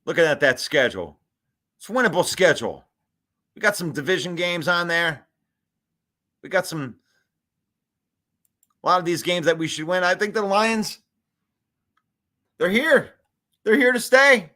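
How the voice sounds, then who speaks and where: A man hosting a live sports fan show, talking in an animated, hyped way, reading comments aloud and laughing often. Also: high-pitched, unhurried, long pauses.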